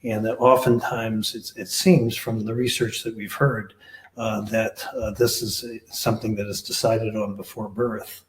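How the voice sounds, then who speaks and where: A man's voice: fairly low pitch, little pitch movement, unhurried. A man answering questions on a panel as a researcher, talking hesitantly with many filler sounds. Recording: echoey room.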